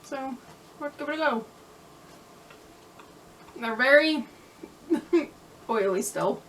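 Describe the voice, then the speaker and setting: A woman's voice: high-pitched, expressive, very slow, a bit bright. Laughing woman with a distant mic. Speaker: vlog co-host. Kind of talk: casual food tasting chat. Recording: distant mic with faint room noise.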